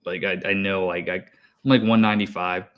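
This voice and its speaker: Man, 30s, podcast co-host, lowish voice, hyper and breathless, swears a lot, rambling storyteller. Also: steady tone, brisk, muffled recording. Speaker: podcast co-host, HVAC technician. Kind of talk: casual chat.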